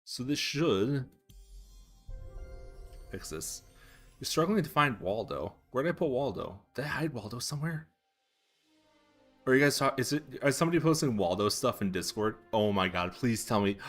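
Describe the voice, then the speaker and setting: Young male streamer, lively pitch swings, casual chat, faint music underneath. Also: normal speed, pauses often. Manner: animated, self-amused storyteller with laughs and squeaky pitch jumps. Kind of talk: casual live-stream chat while coding.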